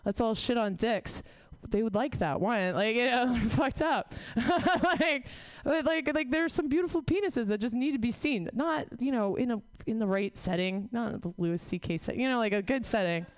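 A woman's voice: a little high, lively intonation, moderate pace, hardly any pauses, no room sound. A woman in her thirties doing a rambling, profane, self-deprecating stand-up set on stage. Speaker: stand-up comic. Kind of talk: stand-up set, casual riffing.

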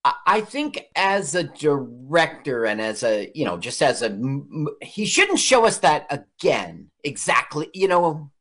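Excitable co-host reacting loudly. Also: mid-range voice, unhurried, few pauses. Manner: excitable, loud reactions and jokes. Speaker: podcast co-host. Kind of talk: casual movie-watching commentary.

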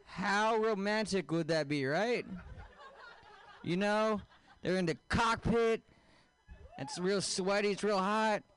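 A man doing a stand-up comedy set, deadpan and crude, often quizzing the crowd. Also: high-pitched, slow, pauses often. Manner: deadpan, crowd-work questions, crude jokes.

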